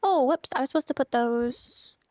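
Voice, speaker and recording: A woman's voice: sits high, animated, normal speed, a little mellow. A young woman from the United States chatting casually with her viewers while streaming a game, giggly and full of filler words. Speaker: streamer playing a farming game.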